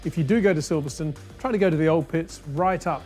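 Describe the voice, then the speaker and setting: A male presenter with a slightly raised pitch narrates history and chats with his guest in an admiring, conversational way. Faint music plays softly underneath him. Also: quick pace.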